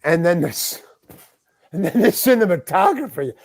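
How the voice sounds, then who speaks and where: A man's voice: sits high, very animated, normal speed. An older man telling a rambling story in casual talk, restarting his sentences and acting out the voices of the people in it. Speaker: guest actor telling a story. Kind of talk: casual anecdote.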